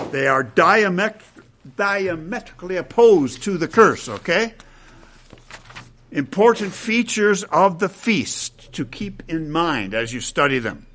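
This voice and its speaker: A man's voice: a little high, a bit bright, a little hiss or hum. A man preaching a sermon in a conversational way, dropping asides and checking in with his listeners.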